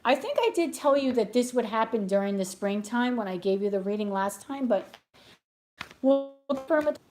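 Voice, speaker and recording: On the high side and at a normal speed, a woman's voice carries casual chatter from a live tarot reading. Between readings, the reader goes off on tangents and spins blunt, animated stories.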